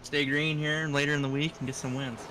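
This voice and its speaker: A young man interviewed after a sim race, relaxed and joking, with plenty of fillers. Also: on the high side, a little fast, background noise. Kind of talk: casual post-race interview.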